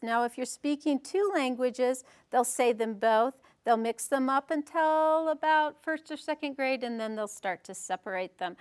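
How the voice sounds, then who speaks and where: A woman's voice: high-pitched, a little slow, few pauses, clean tone. A woman leading a parenting workshop on nursery rhymes, talking to a small group and reading in a sing-song, playful way. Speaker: workshop presenter.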